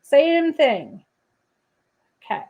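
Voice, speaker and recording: A woman's voice: sits high, very animated, extremely slow, mellow, lo-fi sound. A woman hosting a casual crafting livestream, chatting to viewers with playful asides and humming little scat tunes while she works. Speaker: papercrafting livestream host.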